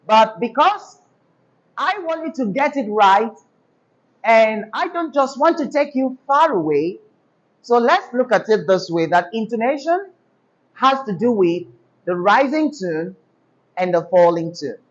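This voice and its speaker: A woman's voice: a little high, very animated, muffled recording. Woman teacher prompting a class. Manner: call-and-response prompting, deliberate. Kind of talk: classroom diction lesson.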